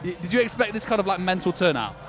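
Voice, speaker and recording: A man's voice: high voice, sing-song, fast talker. A male vlog presenter asking chatty, upbeat questions in a casual backstage interview outside a venue.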